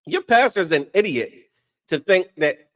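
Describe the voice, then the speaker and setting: Animated man preaching in casual talk. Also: high voice, unhurried. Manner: animated, repeats "you understand?", swears casually. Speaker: religious podcast co-host.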